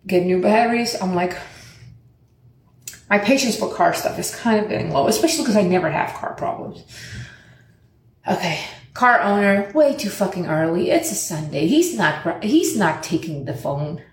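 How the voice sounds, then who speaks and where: In a reverberant space, a young woman tells a casual story at a moderate pace, swearing often. She's animated and acts out the quoted lines in a higher pitch.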